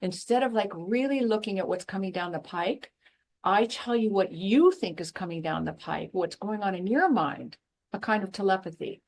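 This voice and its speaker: A woman guest on an interview podcast, speaking at a middle pitch. She tells stories in a blunt, emphatic way and gets animated when she makes her points. Her talk stays conversational and passionate throughout. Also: normal speed. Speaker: guest, former professor and intuitive.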